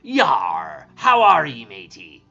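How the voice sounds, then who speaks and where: A man putting on a swaggering old-time pirate voice, drawing out his words slowly with growled yars, on dull lo-fi audio with faint music behind. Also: on the high side, wildly swooping pitch, gravelly, pushed and bright, heavily acted. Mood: mock-gallant. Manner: slow drawn-out dictation, growled yars.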